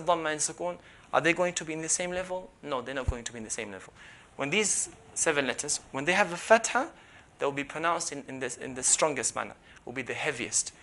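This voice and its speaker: Male teacher explaining, somewhat high voice. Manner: explains patiently, repeats syllables loudly to demonstrate. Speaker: Quran recitation teacher. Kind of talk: classroom lesson, demonstrating letter sounds.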